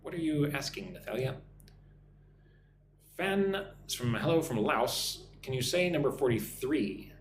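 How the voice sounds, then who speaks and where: A man teaching English on a live stream, reading out viewer comments and drilling pronunciation slowly. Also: mid-range voice, animated, reverberant, slight background noise.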